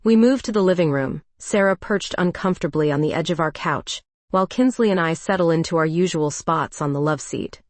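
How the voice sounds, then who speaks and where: A woman narrating a first-person romance story in a calm, even storytelling voice. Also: on the low side, a little fast, no room sound.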